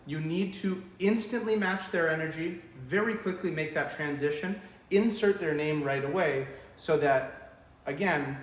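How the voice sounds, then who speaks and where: A man with a fairly high voice coaches salespeople on phone calls. He is upbeat and direct and acts out sample greetings. He sounds like he is in an echoey room with a faint hum behind him. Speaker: sales trainer. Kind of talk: direct-to-camera sales tips.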